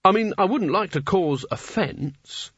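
A timid, flustered wizard who stammers through his lines, as a man plays him. His voice is husky and sits a little higher than the narration. The recording is dry and slightly dull. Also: animated, a little slow, a bit bright, no echo, exaggerated voice. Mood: nervous. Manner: hesitant, stammering. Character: nervous, hapless male wizard, timid and flustered.

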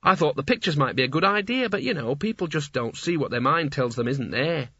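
Brief: man doing an anxious, rambling wizard, bright husky voice, dull dry lo-fi sound. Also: a little high, expressive, brisk, no room sound, exaggerated voice. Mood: explaining. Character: flustered fussy male wizard.

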